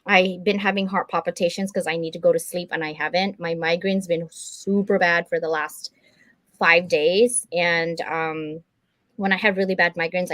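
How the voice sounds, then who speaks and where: A woman's voice: on the low side, a bit bright, dry recording. A woman hosting a casual livestream chat for her authors, chatty and businesslike, laughing often. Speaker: publisher and host.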